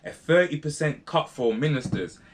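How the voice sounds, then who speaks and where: A man's voice: fairly high pitch, lively intonation, moderate pace, a little hiss or hum. Slangy young man vlogging. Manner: slangy, digressive, keeps asking viewers to comment. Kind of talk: casual commentary to camera.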